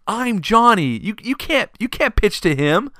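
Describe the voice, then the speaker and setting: A man's voice: sing-song, measured pace, bright, forceful tone, dry recording, clean studio sound, heavily acted. A frantic panicking kid football player, as a man puts him on. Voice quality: shrill and frantic.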